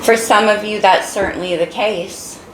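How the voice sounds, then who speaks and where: A woman's voice: medium pitch, fairly even intonation, unhurried, reverberant, noisy background. A woman giving an encouraging, emotional tarot reading while losing her voice. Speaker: tarot reader.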